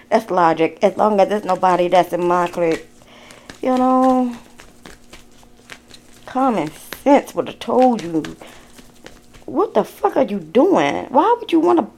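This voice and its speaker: A tarot card reader with a fairly low, slightly mellow voice gives a casual reading, blunt and exasperated, swearing as she speaks straight to the viewer. A little hiss or hum is audible.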